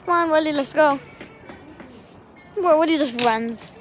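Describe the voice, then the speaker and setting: A woman chatting casually in a vlog, excitable and talkative, speaking to her dog in a backyard by a shed. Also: high-pitched, unhurried, soft background music. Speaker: vlogger.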